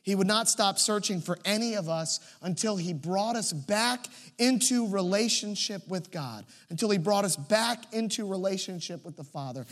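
High-voiced male pastor telling stories. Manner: storytelling, swings between soft and emphatic. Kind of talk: sermon.

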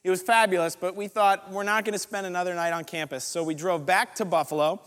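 A man preaching a storytelling sermon, animated and acting out the other people's lines in the story. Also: high voice, fast talker. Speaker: pastor. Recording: long reverb of a large hall.

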